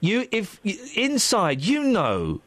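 A man's voice: high voice, wildly swooping pitch, slow, fairly bright tone, dry recording. A man hosting a radio phone-in, teasing and bantering with callers in a playful way. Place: radio studio.

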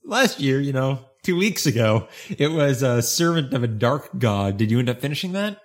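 A man hosting a storytelling podcast in casual chat, playful and laughing often, leaving deliberate awkward pauses. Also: medium pitch, big pitch swings. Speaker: podcast host.

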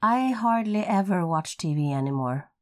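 A woman with a Swedish accent co-hosts a relaxed podcast in English, her first language being Swedish. She ribs her co-host in a playful, teasing way. The sound is close and dry, with no room in it. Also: lowish voice, normal speed, dry recording. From Sweden. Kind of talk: casual podcast chat. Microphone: podcast microphone.

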